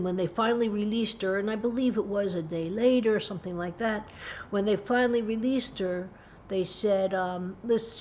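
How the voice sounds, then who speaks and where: A woman hosting a parenting tips show, earnestly retelling a personal story, dropping to a hushed voice at grave moments. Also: muffled recording, a little hiss or hum. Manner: earnest, vivid retelling with hushed low passages. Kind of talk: personal story told to camera.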